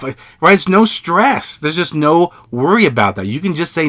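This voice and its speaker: A man hosting a podcast, giving casual advice in an energetic, conversational way, often repeating himself. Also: a little high, moderate pace. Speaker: podcast host. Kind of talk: casual solo podcast talk.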